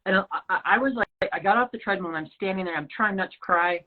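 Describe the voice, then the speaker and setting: Talking fast in a mid-range voice, this podcast guest from the Rocky Mountain region of the US shares a personal story conversationally. She's a lively storyteller who performs each bit of quoted dialogue, and the audio has a lo-fi, phone-like quality.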